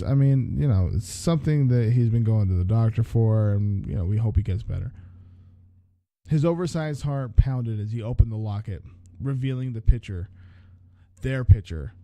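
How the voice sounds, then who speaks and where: A man's voice: mid-range voice, expressive, moderate pace, warm tone, no echo. A man hosting a podcast, reading a horror story aloud, often stopping to restart lines and comment on the text. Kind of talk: story reading with casual asides.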